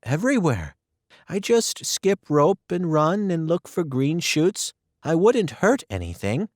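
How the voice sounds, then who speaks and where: Storybook little girl, timid but excitable, read by a man, high and lively, slow. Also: dry recording, studio quality. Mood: eager.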